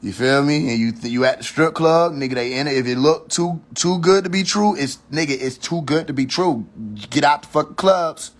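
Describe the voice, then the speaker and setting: A man's voice: fairly high pitch, fairly bright tone. A man hosting his own livestream, ranting in a heated, preachy and profane way, repeating his warnings and restarting his sentences as he thinks aloud. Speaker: livestream host. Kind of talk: casual rant on a social media livestream.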